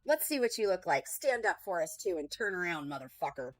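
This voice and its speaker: A woman's voice: on the low side, sing-song, brisk, low-quality recording. A woman hosting a heated reaction stream, talking back in a combative, sarcastic and profane way.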